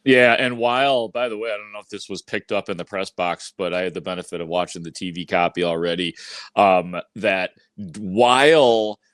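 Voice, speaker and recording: A man's voice: low voice, fairly even intonation, normal speed, fairly bright tone, clean tone, no echo. A man co-hosting a postgame sports podcast, recapping the plays in a conversational way with frequent restarts. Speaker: podcast co-host.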